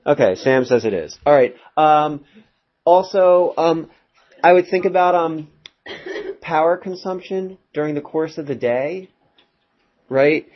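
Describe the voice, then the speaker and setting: A male math teacher giving a casual classroom lecture, rambling a little with fillers and quick asides to his students. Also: a little high. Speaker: high school math teacher. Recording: dull lo-fi classroom recording.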